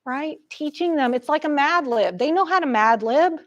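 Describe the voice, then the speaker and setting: Middle-aged female therapist presenter, slightly high voice, lively storyteller who talks straight to the room. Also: normal speed, highs cut off. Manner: animated retelling of a session with a child, addresses the audience directly.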